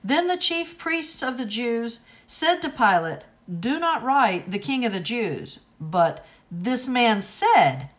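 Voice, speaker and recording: A woman giving a solemn, deliberate liturgical reading of scripture at a service. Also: a little high, sing-song. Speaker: scripture reader.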